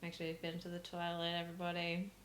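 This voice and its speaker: A woman's voice: fairly low pitch, completely flat delivery, fast talker, fairly bright tone, slight background noise. A woman, co-hosting a podcast and commenting in a wry, teasing way. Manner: wry, teasing, laughs often. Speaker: podcast co-host. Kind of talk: casual commentary chat.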